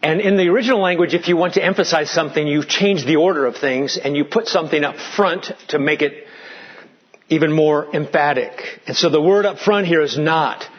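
A pastor preaching a dramatic sermon, dropping into hushed tones for emphasis. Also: male voice, on the high side, brisk, lo-fi sound.

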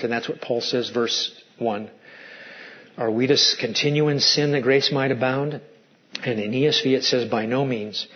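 Male pastor, sermon, fairly high voice, muffled lo-fi recording, animated preaching. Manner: animated preaching, swinging from loud to hushed.

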